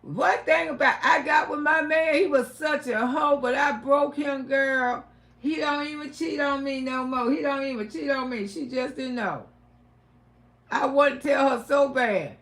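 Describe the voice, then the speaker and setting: Woman livestream host, bright high voice, loud, animated and profane storytelling. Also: unhurried. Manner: loud, animated, laughing, profane advice to women.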